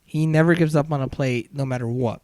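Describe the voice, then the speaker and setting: Animated man chatting about hockey. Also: medium pitch, fairly quick, no echo. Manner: animated, acts out quotes, trails off and restarts. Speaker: podcast co-host. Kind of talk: casual sports chat.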